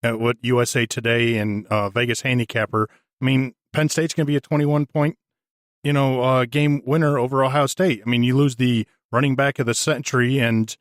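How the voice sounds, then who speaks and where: A man who is the producer of a sports podcast, chiming in with quick wisecracks in casual chat. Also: mid-range voice, steady tone, no echo, studio quality. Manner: wisecracking, chimes in with quick jabs.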